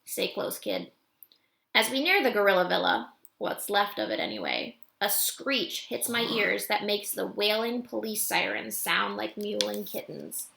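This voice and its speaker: Lady reading an audiobook, lively ups and downs, bit of fry, echoey room. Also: medium pitch, moderate pace, hardly any pauses. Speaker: audiobook reader. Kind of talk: first-person audiobook narration. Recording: roomy echo.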